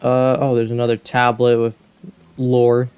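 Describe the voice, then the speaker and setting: A man chats through a video game playthrough in a relaxed, slangy way. His voice is smooth and clear. The sound is dry and close to the mic. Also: medium pitch, measured pace, no room sound, dull audio. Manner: relaxed, slangy, self-amused. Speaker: game streamer. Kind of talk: casual let's-play commentary.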